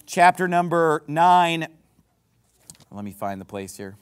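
A man delivers a heated sermon from the pulpit in a high voice. His pitch leaps and plunges as he drives his points home, and he often rises to a shout. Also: lively intonation, takes it slowly, clear, resonant tone. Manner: impassioned, rising to shouts; says he is worked up. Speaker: pastor. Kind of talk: fiery sermon.

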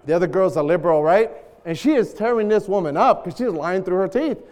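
A man preaching a sermon, bantering loudly with the congregation in call and response. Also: sits high, expressive, fairly quick. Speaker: pastor. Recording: long hall reverb.

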